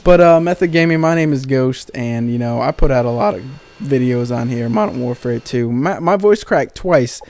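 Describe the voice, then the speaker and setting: A man's voice: medium pitch, lively intonation, moderate pace, darkish tone. A young man telling exasperated, sarcastic, profane stories about retail customers over gameplay. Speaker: gaming channel commentator. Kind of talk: ranting storytime over gameplay.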